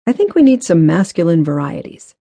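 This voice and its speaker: Conflicted male gardener; low, warm, dry audiobook read. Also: big pitch swings, fairly quick, creaky, no echo, full character voice. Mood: teasing.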